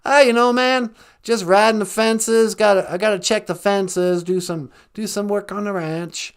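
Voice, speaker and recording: A man's voice: sits high, fairly even intonation, moderate pace, vocal fry, clean tone. A man voicing a laid-back, folksy Texan former president with a put-on drawl and slangy talk. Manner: drawling, slangy, calls people man and boy.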